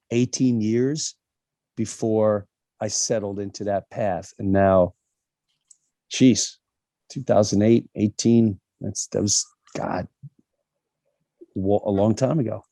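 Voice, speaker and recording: A middle-aged man telling stories in a casual interview over a video call, animated and acting out the people he quotes. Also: medium pitch, no echo, clean studio sound. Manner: animated storytelling, acts out quoted voices. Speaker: comedian interview guest.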